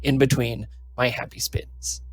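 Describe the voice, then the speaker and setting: A man's voice: medium pitch, steady tone, measured pace, breathy edge, no echo. A man playing a boastful deaf cow dog. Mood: pompous. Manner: boastful, playful diary-entry voice. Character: cheeky energetic deaf female cow dog.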